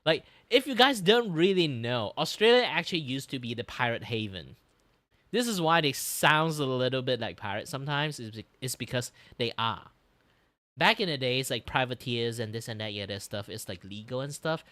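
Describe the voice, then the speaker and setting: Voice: medium pitch, moderate pace, no room sound. An art streamer reacting in casual chat, rambling with lots of fillers. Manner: rambling, many fillers, animated.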